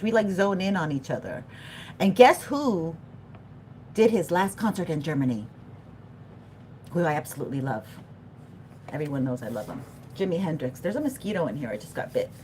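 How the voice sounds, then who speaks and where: A middle-aged woman reads tarot on a live stream, talking to the chat in a loose, animated way and wandering off on side stories. Her pitch swings widely. A faint low rumble sits behind her. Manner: animated and chatty, talks to the chat, laughs often, loses her thread. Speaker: tarot reader. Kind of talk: live-stream tarot reading, chatting with viewers.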